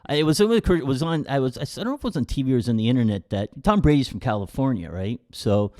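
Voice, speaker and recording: A chatty Canadian man co-hosting a relaxed podcast. He asks questions, retells jokes at an easy pace, and voices a middle pitch. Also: rapid-fire. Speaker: podcast co-host, son of the main host. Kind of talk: casual chat with ad read.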